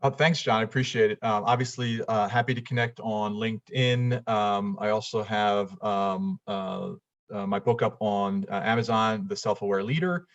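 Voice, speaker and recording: A man speaking as a guest in an interview, talking in an unhurried, halting way with frequent ums over a video call. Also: on the low side, no echo, highs cut off. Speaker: guest, business executive and author.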